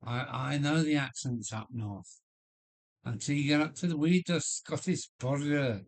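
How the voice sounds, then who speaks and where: An older man from Kent with a Kent accent, chatting casually and rambling on a livestream. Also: a little high. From Kent, England. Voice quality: slow and rambling, with frequent restarts and fillers. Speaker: livestream host. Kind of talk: casual chat. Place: home loft.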